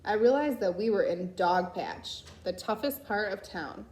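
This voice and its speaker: A woman's voice: mid-range voice, animated, darkish tone. Woman reading a story aloud in an echoey room. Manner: unhurried reading with slips and self-corrections. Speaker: reader. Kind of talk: reading a children's novel aloud.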